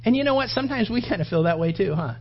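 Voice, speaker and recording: A man preaching a sermon, telling animated stories with asides to the congregation. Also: high voice, racing, husky, dull audio.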